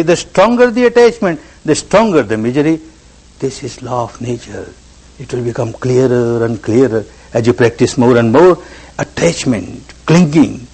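A man's voice: medium pitch, darkish tone, low-quality recording. A man giving a spiritual discourse as a meditation teacher. He stresses his points by repeating words and phrases.

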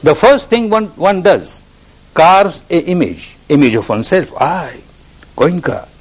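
Animated male meditation teacher. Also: on the high side, unhurried, husky, low-quality recording. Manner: repeats phrases for emphasis, animated storytelling. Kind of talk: spiritual discourse.

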